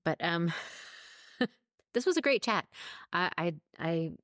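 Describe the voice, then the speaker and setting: A woman's voice: lowish voice, lively intonation, slow, fairly bright tone, no echo, clean studio sound. A woman in her thirties co-hosting a podcast, telling stories in a chatty way and laughing often. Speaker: podcast co-host. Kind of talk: casual chat.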